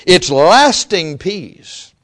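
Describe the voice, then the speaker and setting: Man preaching a conversational sermon, slightly high voice. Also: big pitch swings, very slow, a bit bright. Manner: conversational preaching with frequent restarts and acted-out quotes. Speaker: pastor.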